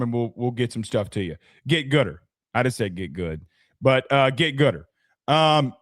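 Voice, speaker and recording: A man's voice: medium pitch, no echo, studio quality. A young man hosting a casual sports talk stream, chatty, thanking viewers and often restarting his sentences. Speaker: sports podcast host.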